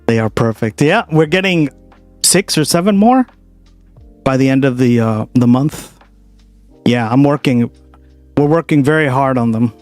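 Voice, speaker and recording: A man from Boston hosting a casual reaction stream, talking fast and loosely, swearing and laughing often. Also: medium pitch, no echo, faint music behind. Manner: profane, animated, laughs a lot.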